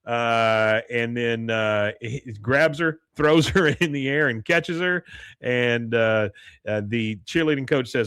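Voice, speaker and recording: A man's voice: slow pace, smooth, no room sound, studio quality. Man recapping a cartoon episode, laughing. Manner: animated, lifts his pitch when quoting characters; laughs often at the jokes. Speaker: podcast host. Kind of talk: casual episode recap, reading quotes aloud.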